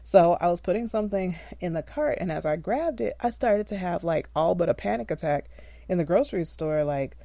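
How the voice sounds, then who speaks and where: A woman hosts a solo podcast, talking loosely and laughing at herself along the way. Her voice sits low and mellow. The recording is close and dry, with no room sound. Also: lively intonation, brisk, gravelly, no room sound. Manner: chatty and self-deprecating, laughs often. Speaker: podcast host, empowerment specialist. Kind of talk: casual solo podcast talk.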